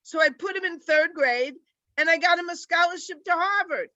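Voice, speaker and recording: An older woman with a New York accent, a former teacher doing a deadpan, rambling stand-up set over a video call. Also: very high-pitched, moderate pace, no echo, muffled recording. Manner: deadpan, rambling joke delivery. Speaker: stand-up comic.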